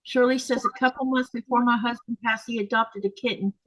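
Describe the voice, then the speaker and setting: Woman hosting a sewing live stream, kinda tired, reads chat out loud, higher voice, dry sound. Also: steady tone, a little fast, dry recording, low-quality recording. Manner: chatty, reads comments and answers them. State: tired, keeps yawning. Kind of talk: casual live-stream chat, reading viewer comments aloud.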